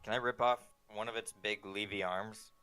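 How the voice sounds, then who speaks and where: A man's voice: fairly low pitch, steady tone, normal speed, sharp tone, clear, resonant tone, soft background music. A man playing in a tabletop game, declaring his moves in a brash, heavily profane way. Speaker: player. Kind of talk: tabletop role-play as a player.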